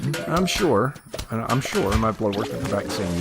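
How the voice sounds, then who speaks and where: Gravelly middle-aged man, rambling and profane. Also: fairly low pitch, moderate pace. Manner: rambling, profane, deadpan sarcastic. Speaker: gaming channel host. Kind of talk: casual gameplay commentary. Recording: loud music behind the voice.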